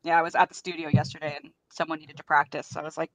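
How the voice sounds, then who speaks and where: A woman's voice: deep voice, little pitch movement, very fast, fairly bright tone, dry recording, low-quality recording. A woman chatting on a livestream call, bubbly and talkative. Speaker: livestream participant. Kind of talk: casual group chat.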